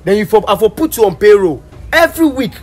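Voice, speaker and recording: A man's voice: high-pitched, big pitch swings, quick pace, darkish tone. An actor with a Ghanaian accent playing a cheeky young man who teases and blackmails in pidgin banter. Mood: cocky. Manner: brash, teasing pidgin banter. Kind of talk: comedy drama acting.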